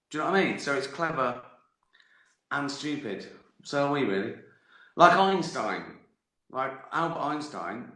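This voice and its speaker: A man's voice: medium pitch, measured pace, long pauses, pushed and bright, echoey room. A man chatting on a livestream, rambling from joke to joke, swearing freely and laughing at his own lines. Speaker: comedian answering viewers on a livestream. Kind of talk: casual livestream chat.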